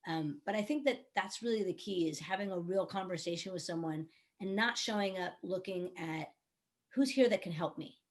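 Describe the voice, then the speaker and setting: A woman's voice: on the low side, normal speed. A woman who works as a songwriter, producer and coach, explaining her ideas earnestly on an online panel with everyday examples. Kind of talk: panel discussion.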